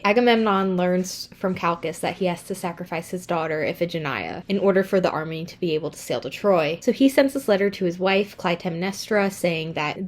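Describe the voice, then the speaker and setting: A woman's voice: fairly low pitch, darkish tone. A young woman chatting casually in a book review, slangy and self-deprecating.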